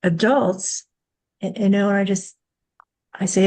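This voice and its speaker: A woman's voice: mid-range voice, moderate pace, a little mellow. A woman hosting a candid podcast, speaking earnestly and reflectively, often restarting and repeating her words. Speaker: podcast host.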